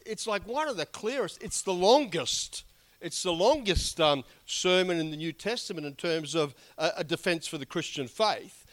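Hoarse man preaching, higher pitched, chatty and emphatic. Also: a bit bright. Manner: conversational and emphatic, with asides and chuckles. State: hoarse, losing his voice. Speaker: pastor. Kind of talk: sermon.

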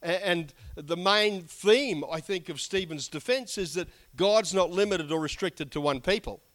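Hoarse man preaching, higher pitched, chatty and emphatic. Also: a little slow, fairly bright tone. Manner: conversational and emphatic, with asides and chuckles. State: hoarse, losing his voice. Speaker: pastor. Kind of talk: sermon.

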